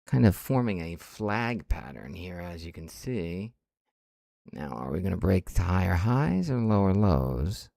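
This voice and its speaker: Deep gravelly guy muttering over his trades, swears a lot, dark husky voice, dry close sound. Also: big pitch swings, measured pace, dry recording. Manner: mutters and swears under his breath, frustrated. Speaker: day trader streaming live. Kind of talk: live trading commentary, talking to himself.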